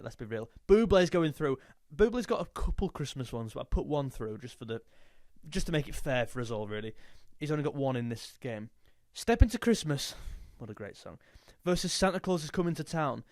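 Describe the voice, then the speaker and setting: A man's voice: medium pitch, no room sound, clean studio sound. A young man chatting casually and jokily, now and then singing a snatch of a song. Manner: jokey, snatches of sung lines. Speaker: music youtuber. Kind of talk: casual chat.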